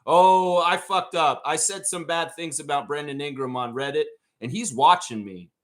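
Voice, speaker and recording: A man's voice: a little high, moderate pace, natural voice. A man voicing a nervous male office worker who has been caught gossiping, talking in a flustered, whiny way.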